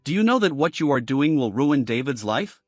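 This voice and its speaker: A woman's voice: extremely low pitch, big pitch swings, moderate pace, dry recording, studio quality, faint music behind, heavily acted. A man reading the lines of a cold, domineering young woman in a narrated romance story, harsh and scolding in tone.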